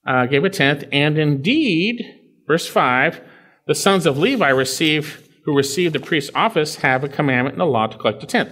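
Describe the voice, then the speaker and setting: A man's voice: a little high, a bit bright. A man preaching a verse-by-verse Bible sermon in a conversational way, repeating phrases and checking in with his listeners.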